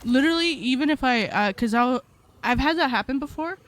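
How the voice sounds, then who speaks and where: A woman's voice: sits high, animated, fairly quick. A woman streaming live, chatting casually with her viewers in a slangy, rambling way, often laughing.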